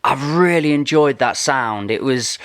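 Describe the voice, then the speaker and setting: Lads laughy podcast host guy, excited, restarts a lot, dry mic. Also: mid-range voice, clear, resonant tone, no echo. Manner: enthusiastic, laughs often, quick asides. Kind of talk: casual interview chat.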